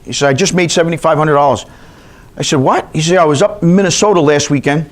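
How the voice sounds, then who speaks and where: A man's voice: on the high side, quick pace. A man from New York teaching a continuing education class, telling chatty stories and quizzing his audience. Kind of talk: storytelling lecture to a class.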